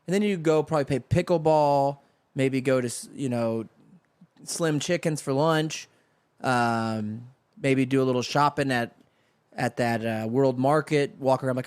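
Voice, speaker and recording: In a home studio with no echo, a man with a mid-range voice hosts a solo comedy podcast at a moderate pace. He rambles through a story, riffing and slipping into voices for its characters.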